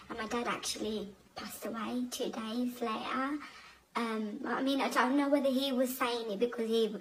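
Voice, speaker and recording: Young woman, fairly high voice, halting emotional storytelling, faint background noise. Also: fairly even intonation. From Bangladeshi family. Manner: emotional, halting, many restarts and "like". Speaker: guest telling her conversion story. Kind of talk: personal storytelling.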